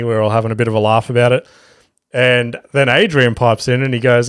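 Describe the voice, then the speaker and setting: A man's voice: medium pitch, steady tone, normal speed, smooth, no echo, clean studio sound. A young man hosting a solo comedy podcast, rambling and sweary, telling stories with lots of restarts and self-mockery. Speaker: podcast host.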